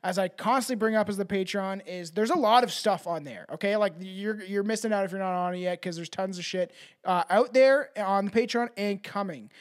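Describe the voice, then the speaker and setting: A man's voice: sits high, fairly quick. A man hosting a podcast, chatting casually and swearing often, with laughs and rambling asides. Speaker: podcast host. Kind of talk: casual podcast outro chat.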